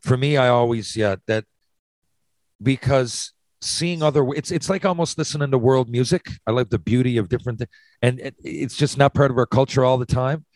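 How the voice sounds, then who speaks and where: A man's voice: medium pitch, moderate pace, a little mellow, no room sound, low-quality recording. A man hosting a casual chat, posing hypothetical questions with lots of restarts and swearing. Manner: rambling, restarts, profane. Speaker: podcast host.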